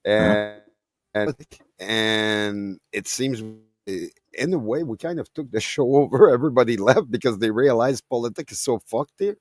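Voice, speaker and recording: A man with a Québécois French accent talks casually, stumbling and repeating words as he gathers his thoughts. His voice sits in the middle range and sounds dry and close, with no room echo. The talk is loose late-night podcast chat. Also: mid-range voice. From Quebec, Canada. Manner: halting, repeats words and restarts often.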